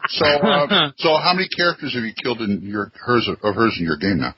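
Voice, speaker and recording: A man's voice: medium pitch, a little fast, heavy background noise. A man hosting a casual gaming podcast, joking and steering the talk between co-hosts. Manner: jokey, upbeat, steers the talk. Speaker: podcast host. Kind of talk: casual chat. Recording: dull lo-fi audio.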